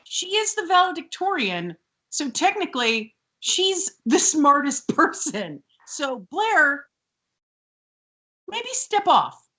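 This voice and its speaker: A woman co-hosting a chatty recap podcast, her bright voice sitting fairly high. She swings her pitch widely, sarcastic and animated, and slips into shrill mimicry of characters. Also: slow. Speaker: podcast co-host. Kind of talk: casual recap chat.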